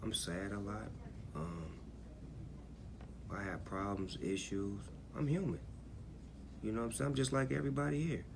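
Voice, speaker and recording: A man's voice: lowish voice, moderate pace, vocal fry, pauses often, noisy background. A man in his forties talking candidly in an interview, laid-back and reflective, often checking in with "you know what I'm saying". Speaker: interviewed rapper.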